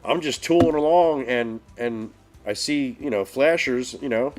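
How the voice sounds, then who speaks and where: A man on a casual live stream, telling road stories in an animated way and swearing a lot. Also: medium pitch, unhurried, faint music behind. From northeastern US. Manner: animated storytelling, heavy swearing. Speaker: podcast co-host.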